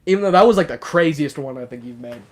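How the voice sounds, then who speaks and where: A man's voice: on the high side, animated, fast talker, background noise. A young man hosting a casual livestream, rambling with lots of fillers as he talks to his chat. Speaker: livestream host.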